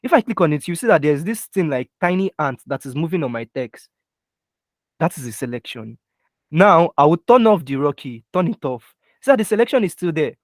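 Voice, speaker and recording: Brisk and very animated, a young design instructor with a higher voice leads a live online software lesson, going through each keyboard shortcut step by step and repeatedly asking if students can follow. The audio is dry and close from a computer mic, with no room sound and keyboard taps heard underneath.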